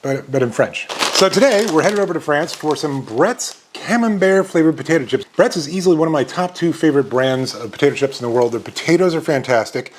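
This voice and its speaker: There's background noise as a US man in his fifties, speaking in a mid-range voice, hosts his casual chip review vlog. He keeps things upbeat and chatty, exclaiming happily throughout.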